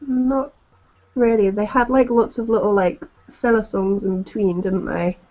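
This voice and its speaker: A woman's voice: mid-range voice, steady tone, measured pace, a little mellow. Young woman, giggly podcast co-host. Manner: giggly, laughs often between lines. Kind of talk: casual chat. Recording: dull lo-fi home recording.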